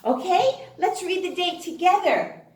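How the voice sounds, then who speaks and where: A woman's voice: very high voice, very animated, a little slow, a little mellow, roomy sound. Sing-song woman teaching phonics to kids. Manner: exaggerated sing-song teacher voice, gasps and prompts. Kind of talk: online phonics lesson for young children.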